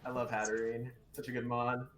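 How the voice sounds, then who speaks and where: Young male game master, mid-pitched, casual and wry, laughs a lot. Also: flat delivery, fairly quick, fairly bright tone, slight background noise. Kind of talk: narrating a tabletop game.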